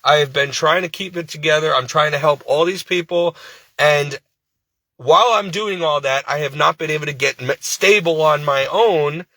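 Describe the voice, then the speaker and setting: A man's voice: on the high side, moderate pace, sharp tone, dry recording. Worn-out, exasperated man venting. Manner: exasperated, rambling, pleading. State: sleep-deprived, worn out. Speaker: part-time caregiver; devout Christian. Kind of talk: casual venting to camera.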